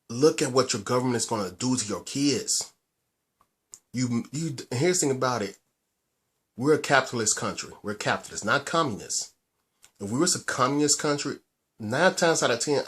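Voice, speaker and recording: Husky, agitated American man ranting. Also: mid-range voice, a bit bright. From United States. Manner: agitated, halting, with repeated restarts and emphatic swearing. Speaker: vlogger. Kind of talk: angry personal vlog rant.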